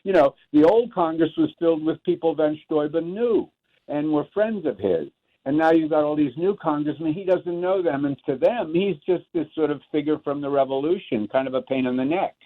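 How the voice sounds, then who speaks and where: Thoughtful actor on a phone line. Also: male voice, on the high side. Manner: thoughtful, halting restarts. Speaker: actor, guest. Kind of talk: reflective interview talk.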